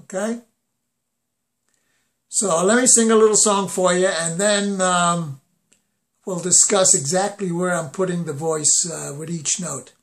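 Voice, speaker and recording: A man's voice: high-pitched, measured pace, long pauses. A man giving a voice lesson, explaining where he places the sound and breaking into sung phrases to demonstrate. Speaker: voice teacher.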